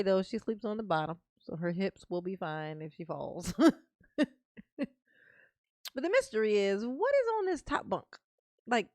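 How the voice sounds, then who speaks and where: A woman hosts a casual livestream and talks to her viewers at an unhurried, drawn-out pace. Her voice has a gravelly rasp, and she swears freely. The sound is close and dry, with no room echo. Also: mid-range voice, darkish tone. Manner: laid-back, swears freely, breaks into laughter. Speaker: livestream host reading viewer comments.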